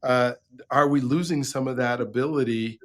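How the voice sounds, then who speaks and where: A man's voice: mid-range voice, moderate pace, a bit bright. A man hosting an interview, asking long, enthusiastic questions full of fillers and restarts. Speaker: podcast host. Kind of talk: conversational interview.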